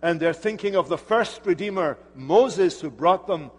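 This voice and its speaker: A man's voice: high-pitched, animated, moderate pace. Man preaching a sermon in a church hall. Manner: earnest, emphatic preaching with rising emphasis. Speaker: pastor. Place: church sanctuary.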